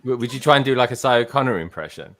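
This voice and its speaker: A man's voice: mid-range voice, lively intonation, rapid-fire, a bit bright. A man in casual chat, eagerly prodding others with questions.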